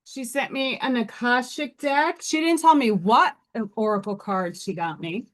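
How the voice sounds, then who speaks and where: A woman hosts a casual live stream from home with a fairly high voice. She talks slowly and loosely, drifting into rambling asides and laughing often.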